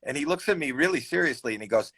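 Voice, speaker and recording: A man from Canada, a comedian, telling an animated anecdote in casual chat, acting out the people in it. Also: on the high side, fast talker, poor audio. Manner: animated storyteller, shouts and voices people in anecdotes. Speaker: comedian guest. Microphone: video call.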